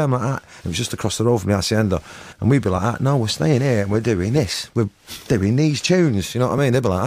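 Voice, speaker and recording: A man's voice: mid-range voice, lively intonation, quick pace, darkish tone. Mancunian man rambling in slangy chat. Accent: Manchester. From England. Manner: rambling, slangy, keeps saying "you know what I mean". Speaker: musician guest. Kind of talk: casual interview chat.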